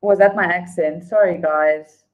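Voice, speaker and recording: Slow-reading woman hosting trivia. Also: on the low side, steady tone, phone-quality sound. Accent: non-local accent. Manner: slow, drawn-out question reading, laughing apologies, humming between questions. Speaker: trivia quiz host. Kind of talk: casual live trivia hosting.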